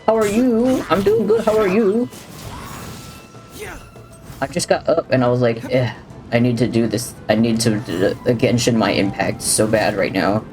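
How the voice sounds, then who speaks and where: A man talks through a live gaming stream in a relaxed, joking way, thanking followers and answering chat between comments on the game. His voice sits at an ordinary middle pitch. Soft game music plays underneath. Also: normal speed. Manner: chatty, jokey, drifts between talking to chat and to the game. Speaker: livestreamer. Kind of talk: casual gameplay commentary, reading chat. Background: faint game music.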